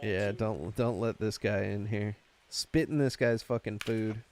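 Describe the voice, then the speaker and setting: A man's voice: on the low side, fairly even intonation, unhurried, darkish tone. A young man co-hosting a podcast, telling a long story in casual profane chat with plenty of swearing and filler. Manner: rambling storyteller, swears a lot. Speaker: podcast co-host.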